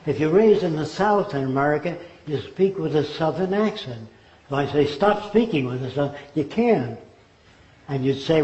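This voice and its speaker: A man's voice: fairly high pitch, expressive, moderate pace, dark tone. An older man giving a lecture, speaking emphatically, asking rhetorical questions and mimicking accents. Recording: dull, roomy recording.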